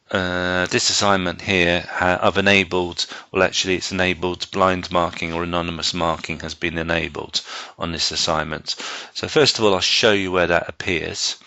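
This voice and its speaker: Deep-voiced man explaining with frequent ums. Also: creaky, pushed and bright, clean tone, no room sound. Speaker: learning technologist giving a staff training session. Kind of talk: live software training presentation.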